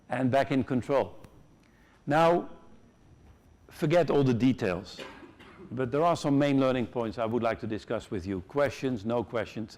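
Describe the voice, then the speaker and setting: A middle-aged man with a Dutch accent giving an animated, joking conference keynote in a large hall. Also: medium pitch. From Netherlands. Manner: animated, joking, acts out quoted voices. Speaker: conference speaker.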